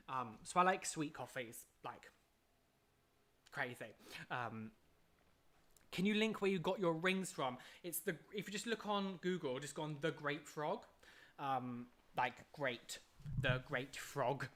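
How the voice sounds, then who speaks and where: A live streamer in casual chat, reading and answering viewer questions, chatty and excitable, humming little tunes between answers. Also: mid-range voice. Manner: chatty and excitable, hums filler tunes, laughs often.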